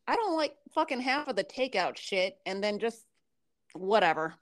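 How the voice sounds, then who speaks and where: A woman in her forties co-hosting a podcast, chatting casually and swearing freely as she tells animated stories. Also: mid-range voice, moderate pace, no room sound. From American. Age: 40s. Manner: profane, animated storytelling. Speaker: podcast co-host. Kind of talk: casual chat.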